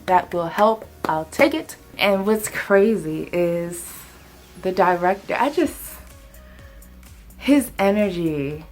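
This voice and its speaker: A chatty young woman tells a work story in a casual vlog and acts out other people's lines along the way. Her voice sits at an ordinary middle pitch. Faint music plays underneath. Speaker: vlogger telling a work story.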